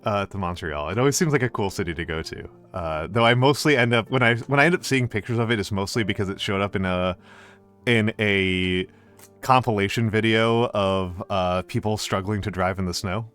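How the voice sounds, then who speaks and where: A man's voice: lowish voice, fairly quick, fairly bright tone, smooth, soft background music. A man, hosting a stream and chatting casually, rambling with lots of fillers and restarts. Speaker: streamer host. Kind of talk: casual chat.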